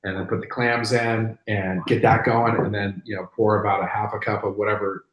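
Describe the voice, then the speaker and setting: A man's voice: on the low side, flat delivery, moderate pace, reverberant, muffled recording. A middle-aged man hosting a barbecue channel, chatting casually and animatedly, often repeating words as he goes. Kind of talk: casual live-stream chat.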